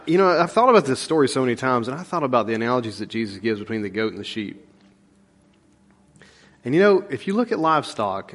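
Male pastor, casual storytelling sermon, mid-pitched, lots of fillers. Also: a bit bright. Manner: rambling, folksy storytelling with many fillers. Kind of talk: conversational sermon.

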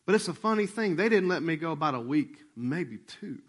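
In a fairly quick, loose, conversational style, this pastor tells a story from the pulpit. His voice is somewhat higher than the average man's; he animatedly acts out remembered dialogue and softens to a near hush at tender points.

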